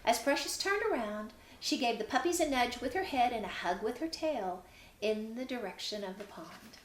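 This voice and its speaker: Storytime host: gentle woman, higher, lively lilt, echoey room. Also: moderate pace, a little hiss or hum. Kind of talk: reading a children's story aloud. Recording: roomy echo.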